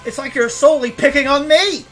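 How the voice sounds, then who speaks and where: Joking, profane woman streamer, higher voice. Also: a little fast, soft background music. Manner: joking, profane, ranting, laughs often. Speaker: game streamer. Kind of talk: casual live gameplay commentary.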